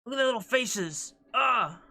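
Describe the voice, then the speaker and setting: A woman's voice: on the high side, normal speed. Giggly woman streamer chatting over a game. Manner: giggly, excitable, chatty asides. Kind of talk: casual game-stream chat.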